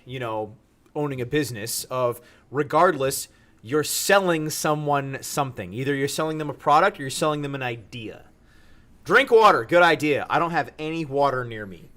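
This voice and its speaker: A man co-hosting a casual podcast, animated and profane, laughing often and talking with lots of filler words. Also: mid-range voice. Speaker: podcast co-host.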